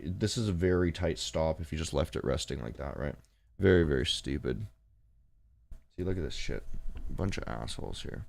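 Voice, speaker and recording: Low-pitched and a little mellow, with vocal fry, this man runs a laid-back trading stream. He rambles through the charts, curses freely, and talks to both his audience and the cat he's trying to shoo away.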